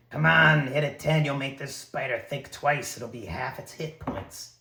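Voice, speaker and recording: A man narrating his own solo tabletop game, excitable and talking to the dice and characters. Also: medium pitch, moderate pace, hardly any pauses. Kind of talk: casual solo play narration. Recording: echoey room.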